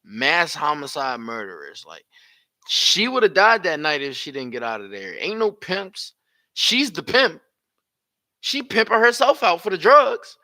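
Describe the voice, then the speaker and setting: A young man giving blunt, profane live reaction commentary full of slang and loud outbursts. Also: fairly high pitch, huge pitch swings, moderate pace, dry recording.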